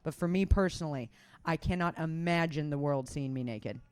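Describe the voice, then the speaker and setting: Indoors, a woman who is a comedian and podcast co-host keeps the talk casual and frank, cursing liberally and joking at her own expense. She has a low, darkish, resonant voice, speaks at normal speed, and sounds clear in a dry recording.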